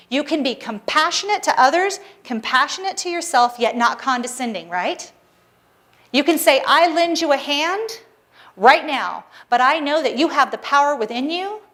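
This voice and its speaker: A woman with a high, bright-pitched voice delivers a Sunday sermon to her congregation. She speaks earnestly and encouragingly, often slipping in playful asides. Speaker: spiritual practitioner giving the Sunday talk. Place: church service hall.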